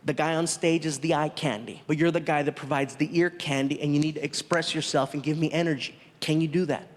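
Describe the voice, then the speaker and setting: A man voicing a calm male film director who gives an actor notes, speaking in a measured, coaching way. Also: a little high, pitched below the performer's own voice, lightly acted. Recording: reverberant live venue.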